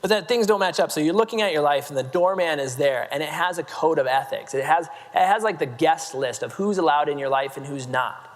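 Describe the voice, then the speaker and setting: A man's voice: fairly high pitch, fairly quick, few pauses. A man from Nebraska giving a humorous keynote talk on a convention stage, joking with the crowd and filling his sentences with "like". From Nebraska, United States. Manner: playful, self-mocking, heavy use of "like", quips at the crowd. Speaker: motivational keynote speaker. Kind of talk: humorous storytelling talk to a live audience. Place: large convention hall main stage. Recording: long reverb of a large hall.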